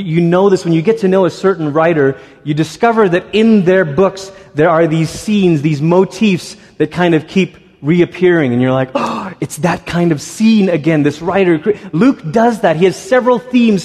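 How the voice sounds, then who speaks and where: Male pastor with a high voice, preaching conversationally with lively asides, church hall reverb. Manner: conversational, animated storytelling with quick asides. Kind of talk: sermon. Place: church sanctuary.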